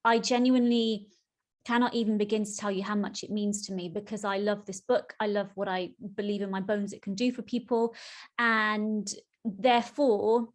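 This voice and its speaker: A middle-aged woman hosting her own podcast as a spiritual coach, talking in an earnest, heartfelt way and lingering slowly over the words that matter to her. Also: mid-range voice, level tone. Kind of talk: solo podcast chat.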